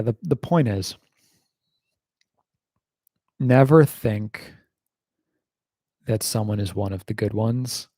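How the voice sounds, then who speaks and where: A man's voice: fairly low pitch, mellow, dry recording. An American man hosting a casual livestream Q&A, rambling wryly with lots of fillers and the odd swear. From United States.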